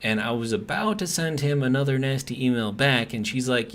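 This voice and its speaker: While streaming a game, this man vents through a long, frustrated work story in a casual, meandering style stuffed with fillers. His mid-range, somewhat bright voice moves fairly quickly, with hardly any pauses.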